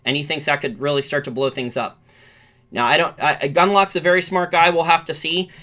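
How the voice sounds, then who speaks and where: A man's voice: fairly high pitch, fairly even intonation, brisk, bright, forceful tone. A man hosting a live-streamed finance show, giving loose market commentary that often restarts mid-sentence and corrects itself. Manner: rambling, restarts and corrects himself.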